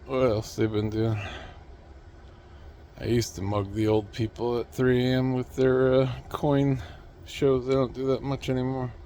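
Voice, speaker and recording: A man's voice: mid-range voice, level tone, measured pace, dark tone, a little hiss or hum. A man talking to the camera at home in a rambling, restless solo monologue, with chuckling asides and remarks to his cat. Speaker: vlogger.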